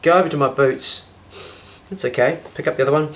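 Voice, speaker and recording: A man's voice: a little high, fast talker, slight background noise. A man in his fifties with a New Zealand accent, telling a casual anecdote in a blunt, exasperated way. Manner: blunt, exasperated, swears freely. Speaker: storyteller.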